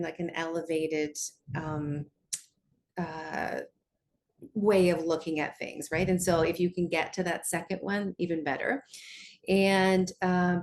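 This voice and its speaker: A woman's voice: lowish voice, darkish tone. Woman coach with a faint hum behind. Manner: conversational, often asks "right?" to check in; slows down to guide tapping. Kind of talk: guided coaching lesson.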